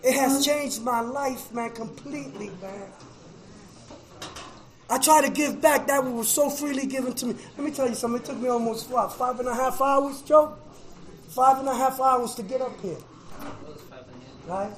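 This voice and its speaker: A middle-aged man telling his recovery story to a meeting, emotional, with a preacher-like rhythm, going from hushed to shouting and repeating "man.". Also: extremely high pitch, normal speed, long pauses, reverberant, rough recording. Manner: preacher-like, repeats phrases, says "man" often. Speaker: recovery speaker at a fellowship meeting. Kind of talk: personal testimony to an audience.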